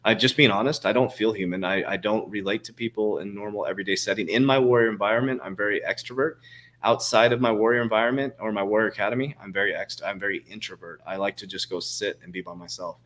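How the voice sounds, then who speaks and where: A man in his forties answers viewer questions on a casual livestream, in a fairly low voice. He rambles, swears freely and restarts his sentences, filling the gaps with ums and uhs. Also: fairly even intonation, quick pace, a bit bright. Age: 40s. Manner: rambling, profane, frequent fillers and restarts.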